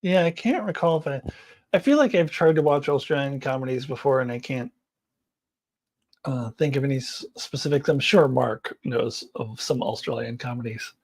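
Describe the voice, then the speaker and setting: A woman's voice: a bass voice, normal speed, a little mellow. A middle-aged woman hosting a casual live chat and answering comments. She rambles and giggles often, and she trails off with lots of fillers. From United States. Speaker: live-stream host.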